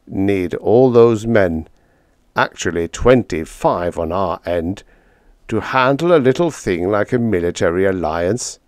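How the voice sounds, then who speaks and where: A man voicing a squat, earnest male Jovian freight pilot who speaks low and a little hesitantly, in a storybook reading. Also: lively intonation, measured pace, darkish tone, dry recording, studio quality.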